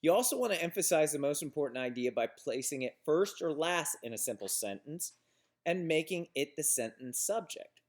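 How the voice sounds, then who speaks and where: A man's voice: on the high side, animated, moderate pace. Man lecturing on business writing. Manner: explains examples plainly, with restarts and fillers. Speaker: instructor.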